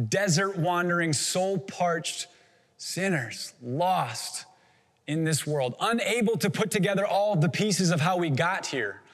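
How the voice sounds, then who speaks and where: An earnest male pastor delivering a sermon, leaning into slow, emphatic, repeated phrases. His voice sits a little high for a man. It echoes with a long reverb, as in a large hall. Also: fairly bright tone.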